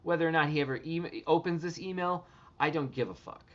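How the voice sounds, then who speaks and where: A man's voice: on the high side, fairly quick, fairly bright tone. A man chatting casually on a livestream while typing, rambling and swearing freely and repeating his words, on dull lo-fi audio with faint music behind.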